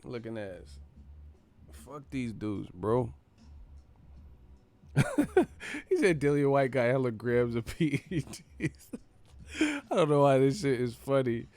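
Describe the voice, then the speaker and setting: A man hosting a live stream from a multi-camera setup. His voice is smooth and clear, close and dry with no room sound. He talks in a loose, profane, joking way and laughs easily. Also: medium pitch, expressive, slow pace, long pauses, darkish tone, dry recording. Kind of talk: casual live-stream chat.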